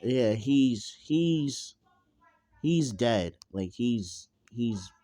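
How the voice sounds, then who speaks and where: A man's voice: medium pitch, lively intonation, very slow, dark tone, dry recording, clean studio sound. A man voicing a cocky young pirate captain in a fan storytelling video, speaking bluntly and offhandedly. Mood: offhand.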